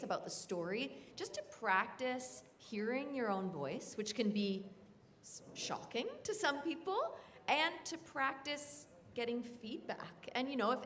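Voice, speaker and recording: A woman voice actor on a convention panel, giving friendly advice and acting out short voice examples. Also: on the high side.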